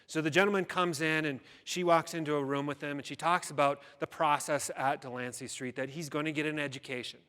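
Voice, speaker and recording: A man's voice: fairly high pitch, fairly even intonation, fairly quick, few pauses, bright, forceful tone. A man giving a keynote speech, telling a story dramatically and acting out the people in it. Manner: dramatic storytelling with quoted voices. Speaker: keynote speaker. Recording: long hall reverb.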